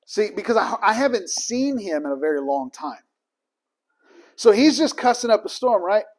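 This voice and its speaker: Ministry trainer, man, high-pitched, emphatic storyteller. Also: sing-song, normal speed. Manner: storytelling, acts out both sides of conversations, emphatic. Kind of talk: casual teaching talk.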